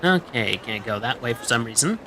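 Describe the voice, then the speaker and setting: A man's voice: medium pitch, animated, fairly quick, background noise. A man streaming a video game, chatting casually and joking as he plays. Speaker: VTuber streamer. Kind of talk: casual gameplay commentary.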